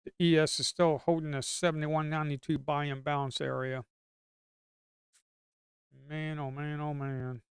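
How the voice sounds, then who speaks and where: A man giving casual live commentary as he trades, excitable and slangy, swinging from low muttering to loud hype. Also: measured pace, pauses often, smooth, no echo, clean studio sound. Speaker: live-stream day trader.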